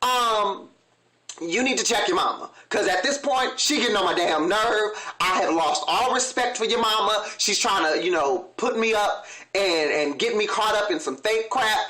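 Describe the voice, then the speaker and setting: Man doing a high, bright-voiced fed-up fiancé, blunt and exasperated. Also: normal speed, echoey room.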